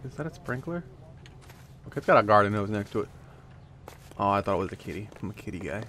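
A man's voice: lowish voice, animated, fast talker, fairly bright tone, a little hiss or hum. A young man streaming a game and chatting casually, rambling and swearing while he jokes. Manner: profane, rambling, joking. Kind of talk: casual gameplay chat.

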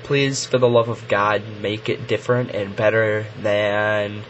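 A teenage boy vlogging casually to his webcam, rambling and halting with lots of fillers. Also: lowish voice, level tone, fairly bright tone. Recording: dull lo-fi webcam audio with faint hiss.

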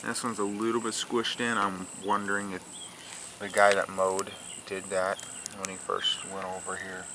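A man casually vlogging, chatty and loud while showing his garden, then speaking softly to soothe a sleepy cat. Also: deep voice, flat delivery, moderate pace. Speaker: daily vlogger. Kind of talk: casual vlog narration. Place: outdoors in a garden. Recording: handheld camera, clear background noise.

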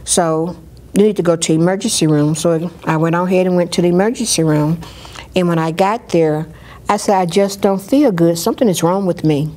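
Low-voiced woman telling her story. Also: brisk. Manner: lively storytelling, acting out others' words. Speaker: storyteller sharing her life. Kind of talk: personal story told in an interview.

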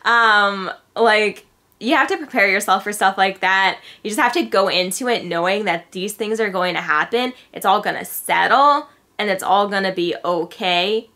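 A young woman vlogging in a bright, clear voice. She talks in a loose, chatty way and leans on filler words throughout. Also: medium pitch, normal speed. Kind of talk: casual vlog chat.

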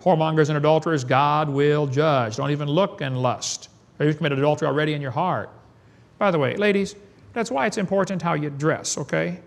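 A man's voice: on the high side, brisk, creaky. A man giving a preaching lecture to an audience in a folksy, emphatic way, firing off rhetorical questions and chuckling. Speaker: creationist seminar speaker.

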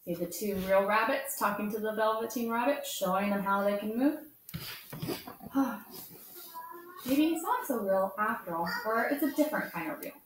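A woman hosting storytime who reads a children's book aloud in a gentle, expressive way and adds chatty asides. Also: medium pitch, moderate pace, slight background noise. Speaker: storytime host. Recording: echoey room, far from mic.

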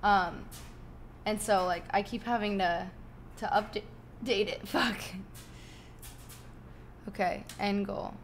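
Streaming live from her bedroom, a young woman talks slowly and pauses a lot in a medium-pitched voice, with faint background noise. She swears, thanks her subscribers, and fights off hiccups while chatting casually.

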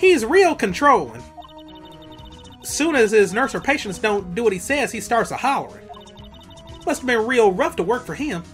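A woman's voice: on the high side, very animated, normal speed, pauses often, soft background music. A woman voicing a folksy, gossipy young woman.

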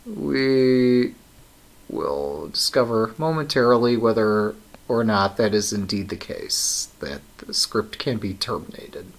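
A man's voice: on the low side, expressive, measured pace, hardly any pauses. A man live-streaming his coding work, thinking aloud in a wry, casual way with many ums and uhs.

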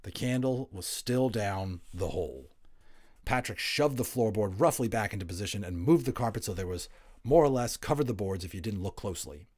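A man narrating a children's novel aloud, expressive and building tension, dropping to hushed tones in quiet moments. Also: lowish voice, fairly quick. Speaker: audiobook narrator. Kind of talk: storybook read-aloud narration.

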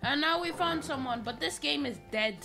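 A young man giving profane, excitable trash-talk commentary over his gameplay, breaking into sudden shouts. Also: very high voice, moderate pace, gravelly. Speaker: gaming channel host. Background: game music.

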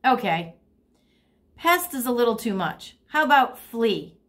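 A woman's voice: fairly high pitch, big pitch swings, a little slow, a bit bright, voice pushed up. A woman voicing a grumpy male house cat, exasperated and insistent.

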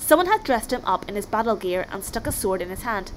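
A woman reading a children's book aloud, expressive as she narrates. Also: medium pitch, fast talker, few pauses, low-quality recording. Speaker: storybook reader.

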